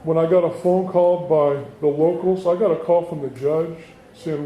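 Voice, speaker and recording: A politician giving a campaign stump speech to residents, telling stories and acting out the quoted dialogue. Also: male voice, fairly high pitch, fairly even intonation, normal speed, lo-fi sound. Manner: storytelling, acts out quoted dialogue. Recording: roomy hall, faint background noise.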